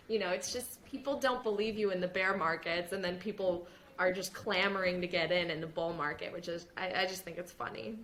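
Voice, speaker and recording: A woman and former news reporter, now a podcast host, talking casually in an interview, animated and laughing often. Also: medium pitch, fairly quick. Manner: animated, laughs often, mimics others in quotes.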